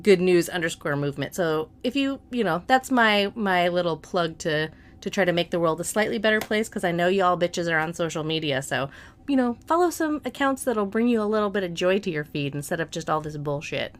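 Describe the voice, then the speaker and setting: A woman's voice: fairly low pitch, lively intonation, a little fast. Woman, middle-aged, podcast co-host, casual chat, profane, joking.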